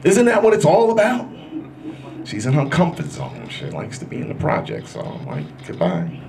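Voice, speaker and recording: Loud, crude New comedian on stage. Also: male voice, high-pitched, normal speed, creaky. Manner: loud, crude, animated storytelling with crowd work. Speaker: stand-up comedian. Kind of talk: stand-up comedy set. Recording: live club recording with room noise.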